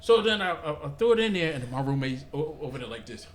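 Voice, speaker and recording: A man's voice: fairly high pitch, fast talker. A man telling a funny story on a podcast in a casual chat, laughing often and stumbling over his words. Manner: animated storyteller, laughs often, stammers and restarts. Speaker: podcast host. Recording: noisy room ambience.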